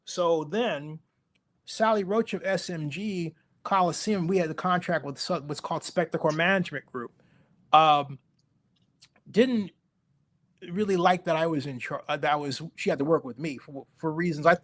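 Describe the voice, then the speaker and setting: Middle aged guy telling stories on an interview, pretty high voice, animated, does everybody's voices. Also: normal speed. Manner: animated storyteller, acting out quoted voices. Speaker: guest. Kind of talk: storytelling interview.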